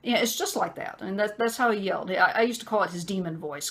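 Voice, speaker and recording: A woman's voice: on the low side, fast, hardly any pauses, fairly bright tone, breathy edge. Woman telling a personal story. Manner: conversational, many fillers; acts out a harsh man's voice in quotes. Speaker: vlogger.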